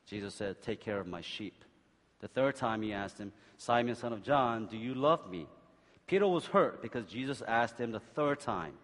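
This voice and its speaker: A male pastor preaching a sermon, joking and animated, swinging from loud exhortation to quiet scripture reading. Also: on the low side. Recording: long hall reverb.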